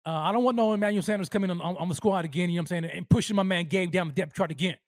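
A man's voice: high voice, racing, dry recording, studio quality. A man hosting a live sports fan show, hyped and rambling, with slangy street talk and lots of repeats.

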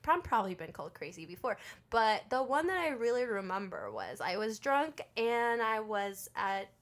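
A young woman co-hosting a casual chat, an expressive storyteller who laughs often. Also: medium pitch, normal speed. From Mexican heritage.

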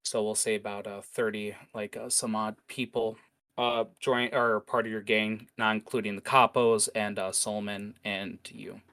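A man's voice: fairly low pitch, flat delivery, moderate pace, bright, forceful tone, smooth. A man narrating as game master in an improvised tabletop session, rambling with many fillers and restarts.

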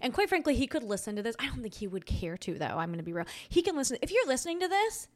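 A young woman hosts a podcast and tells her breakup story in a casual monologue. She is animated and chatty. She laughs through the telling and jumps high and loud whenever she gets worked up. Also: very fast, few pauses. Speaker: podcast host.

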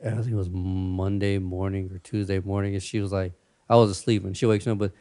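A man's voice: low-pitched, level tone, fairly quick, dark tone. A man co-hosting a podcast, chatting casually and telling crude stories with lots of laughter. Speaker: podcast co-host. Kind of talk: casual chat.

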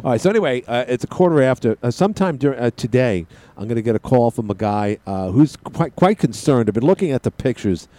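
A man's voice: mid-range voice, animated, fast, few pauses, warm tone. A man hosting a call-in radio show, chatting in a rambling, joking way with plenty of side tangents. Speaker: radio talk show host. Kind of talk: call-in talk radio chat.

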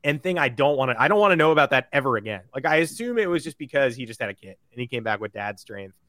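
A man co-hosting a sports podcast, telling stories with animation and acting out other people's lines. His voice sits at an average pitch, and the recording is close and dry with no room sound. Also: fast, no room sound. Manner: animated storyteller who acts out quotes. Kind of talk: casual chat.

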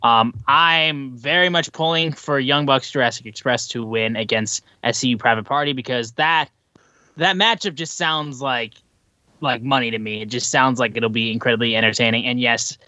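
A man hosting a casual podcast, relaxed, running through the sign-off and plugs. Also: mid-range voice, normal speed, no room sound. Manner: relaxed, reads plugs, swears when he stumbles. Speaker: podcast host.

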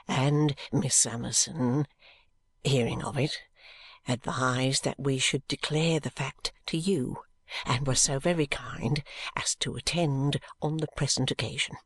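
Meek young son, soft pleading tone, slow and hesitant, dry close sound; a reader plays him. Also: medium pitch, steady tone, slightly rough, no room sound, pitched below the performer's own voice. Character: meek young man, dutiful submissive son. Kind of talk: audiobook character reading.

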